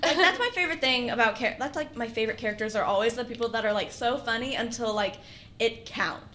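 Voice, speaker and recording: A woman's voice: a little high, fast, sharp tone, slight background noise. A young woman chatting casually on a podcast, full of fillers and laughter. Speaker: podcast co-host.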